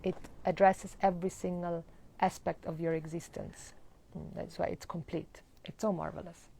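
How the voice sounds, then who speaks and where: A woman's voice: on the low side, level tone, moderate pace, vocal fry, dark tone, breathy edge. A woman teaching a live-streamed mantra lesson, explaining and chanting with laughter. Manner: acts out groggy morning complaints. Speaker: spiritual teacher.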